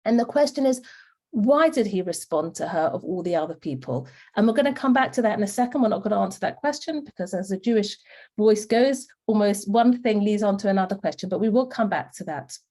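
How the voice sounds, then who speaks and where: A woman's voice: medium pitch, lively intonation, a little fast, mellow. A woman with a British accent giving a Torah class to women, explaining earnestly and asking rhetorical questions. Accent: British English. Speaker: Torah teacher.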